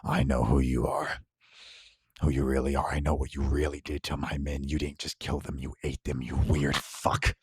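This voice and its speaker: A man voicing a menacing male hunter who talks in a low, contemptuous threat. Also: flat delivery, moderate pace, a little mellow, breathy edge, no room sound, studio quality, exaggerated voice.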